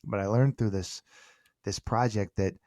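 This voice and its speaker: Middle-aged man, low voice, dry close sound, podcast guest, animated storyteller who stumbles and restarts. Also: normal speed, dry recording. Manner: animated, repeats words when restarting, acts out quoted dialogue. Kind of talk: conversational storytelling.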